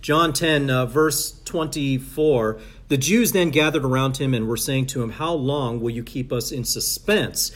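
Man leading Bible study, mid pitch, reads verses, stop-start explaining. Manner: reads scripture aloud, halting with many fillers and restarts.

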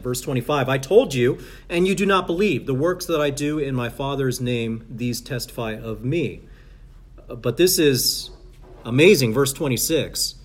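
Man leading Bible study, mid pitch, reads verses, stop-start explaining. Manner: reads scripture aloud, halting with many fillers and restarts.

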